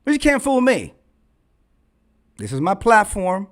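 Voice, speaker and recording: A man's voice: sits high, huge pitch swings, a little slow. A man hosting his own vlog, delivering a fiery, profane rant and repeating phrases for emphasis into a red microphone. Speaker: vlog host. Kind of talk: ranting commentary.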